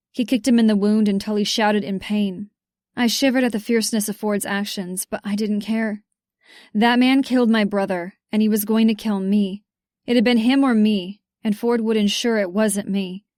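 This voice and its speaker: A woman's voice: medium pitch, darkish tone, dry recording, clean studio sound. A woman reading a first-person romance audiobook in a tense, urgent way. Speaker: audiobook narrator.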